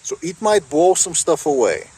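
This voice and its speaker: A man's voice: a little high, big pitch swings, moderate pace, dark tone, husky, rough recording. A man vlogging outdoors in strong wind by a car, rambling casually and swearing often with many fillers. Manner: rambling, swears a lot, says "like" and "bro" often. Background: wind blowing into the microphone.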